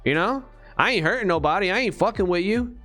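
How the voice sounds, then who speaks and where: A man's voice: high voice, expressive, fast talker, bright, forceful tone, soft background music. Profane rambling male vlogger. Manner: rambling, profane, rhetorical questions. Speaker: crypto vlogger. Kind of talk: casual profane monologue.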